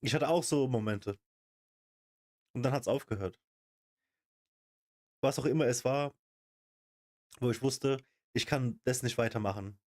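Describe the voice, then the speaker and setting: A male streamer talking loosely over a clip he is watching. He makes informal, slangy remarks and sounds impressed. His voice is at a middle pitch. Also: a little slow, long pauses. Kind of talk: casual reaction commentary.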